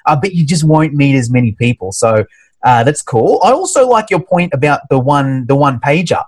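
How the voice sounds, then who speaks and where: A man's voice: fairly high pitch, normal speed, husky. A man from Australia who works in fitness, chatting in an upbeat way about conventions. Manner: upbeat, expressive, shares tips. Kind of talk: casual conversation.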